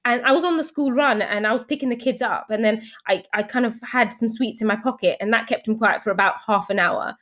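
A woman chats as a guest, spilling her story in a quick, lively rush with plenty of likes and restarts. Her voice sits on the higher side and bounces around. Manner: animated storyteller, many fillers and restarts. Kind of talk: casual interview chat.

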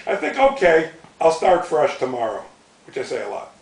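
A man's voice: fairly high pitch, huge pitch swings, moderate pace, gravelly. A middle-aged man reads his own book to a live audience in a bookstore, often laughing, and then takes their questions. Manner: amused, breaking into laughter while reading. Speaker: author reading from his book. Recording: roomy, from a distance.

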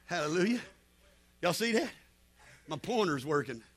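A man's voice: on the high side, sing-song, moderate pace. A man with a Southern US accent preaching a sermon as pastor, telling stories and punctuating with amens. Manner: preaching with frequent amens, storytelling.

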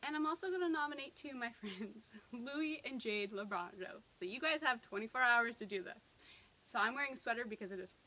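A woman's voice: fairly high pitch, animated, a little fast, bright, forceful tone, poor audio. A young woman talking to camera outdoors in a cheerful, chatty way. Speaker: vlogger taking a charity challenge. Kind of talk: casual outdoor video talk. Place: outdoors by a lake.

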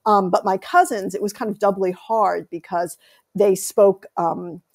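A middle-aged woman, an author interviewed as a guest, telling family stories in an animated way and laughing often. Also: mid-range voice, a little slow. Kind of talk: conversational interview.

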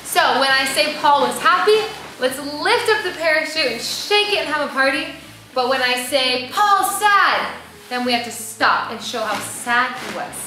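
A young woman leading a preschool church Bible lesson, sing-song and animated, asking the kids questions. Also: high-pitched, normal speed, a little hiss or hum. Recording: roomy echo with faint music.

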